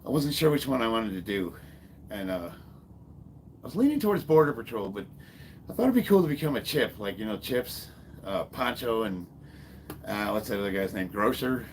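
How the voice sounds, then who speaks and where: A man in his fifties, a former Marine, telling a long personal story in a casual, halting way, swearing freely and stopping to restart his sentences. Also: fairly low pitch, big pitch swings, slight background noise. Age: 50s. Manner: halting, profane, full of fillers and restarts. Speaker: fitness vlogger and former Marine.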